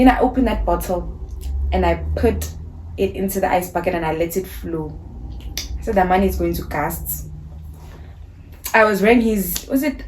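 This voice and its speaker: Animated young woman vlogger telling a story. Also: lowish voice, a little hiss or hum. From South Africa. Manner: animated, indignant retelling with quoted dialogue. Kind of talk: storytime vlog.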